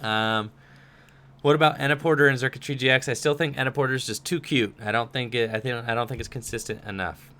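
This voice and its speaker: A young man hosts a livestream Q&A, reading viewer questions aloud and answering casually with lots of fillers. His medium-pitched voice is steady, pushed and bright, and he talks at a quick pace.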